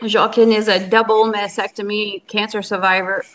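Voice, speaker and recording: Woman guest, video call, casual and emotional, mid pitch. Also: flat delivery, normal speed, a bit bright. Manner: chatty, emotional, goofy. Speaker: guest cooking channel host. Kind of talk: casual live-stream chat.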